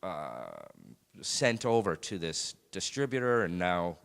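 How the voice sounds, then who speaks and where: A man sharing a personal faith testimony in a church, speaking in a halting, reflective way with many pauses and fillers. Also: deep voice, very animated, fairly bright tone, clean tone. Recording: long hall reverb.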